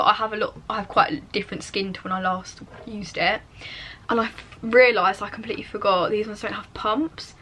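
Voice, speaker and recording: A woman's voice: a little high, fairly bright tone, a little hiss or hum. Chatty young woman vlogging from her bedroom. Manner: chatty and confiding, drops to a near whisper at times. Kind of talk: casual chat to camera. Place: bedroom at home.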